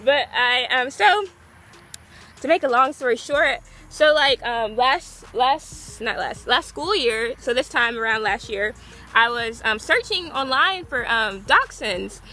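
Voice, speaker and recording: A young woman from the Gulf Coast of Texas, telling a story in a casual vlog. She rambles, fills her talk with "like" and bursts into excited squeals. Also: a little high, measured pace. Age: young adult. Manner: chatty and rambling, heavy use of "like". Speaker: vlogger.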